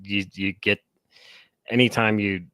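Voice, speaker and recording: A man's voice: lowish voice, little pitch movement, a little slow, pushed and bright, no echo, studio quality. A man co-hosting a podcast who chats in a laid-back, agreeable way. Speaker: co-host. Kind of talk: casual podcast chat.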